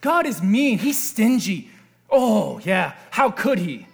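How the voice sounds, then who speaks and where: A man's voice: high-pitched, sing-song, slow, gravelly, slightly rough, heavily acted. A man putting on a sly mocking serpent. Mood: scornful. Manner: mocking, falsely friendly. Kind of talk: sermon.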